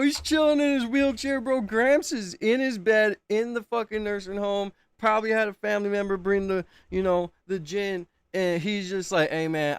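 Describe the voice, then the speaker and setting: A male streamer reacts live in loose slang, swearing and laughing. His voice sits fairly high and sounds dry and close. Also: smooth, no room sound. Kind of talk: casual live reaction commentary.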